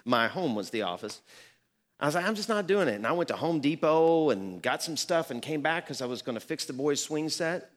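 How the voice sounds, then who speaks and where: A man's voice: on the high side, animated, a little fast. A middle-aged man, a pastor, telling a story in a sermon, earnest and building to emphatic peaks.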